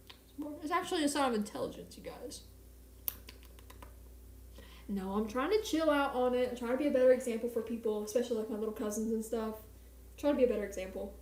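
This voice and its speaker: A woman's voice: fairly high pitch, dark tone, roomy sound. A young woman streamer chatting casually and rambling, with a self-mocking manner, in a small home apartment at night. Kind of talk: casual live-stream chat.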